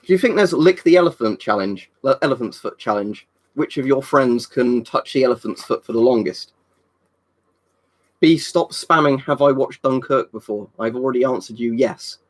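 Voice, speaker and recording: A man's voice: medium pitch, animated, normal speed. A young man chatting casually on a live stream, rambling, swearing freely and answering viewers' comments. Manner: rambling, swears a lot, reads and answers chat.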